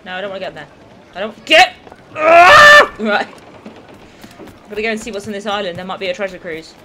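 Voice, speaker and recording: A gaming streamer giving casual let's-play commentary, chatty, swearing, and full of quick asides. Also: mid-range voice. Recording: noisy game audio behind voice.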